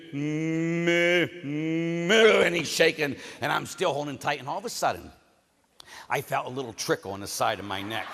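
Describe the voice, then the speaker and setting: A man's voice: mid-range voice, vocal fry, fairly bright tone, slightly rough, big-room sound. A man from Pittsburgh with a Pittsburgh accent, preaching a sermon told as a jokey farm story, with big swings in volume.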